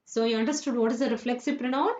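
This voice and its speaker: A woman's voice: a little high, steady tone, very fast, darkish tone. A woman teaching children a grammar lesson, often repeating points and asking if they understood. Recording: echoey room, dull lo-fi sound.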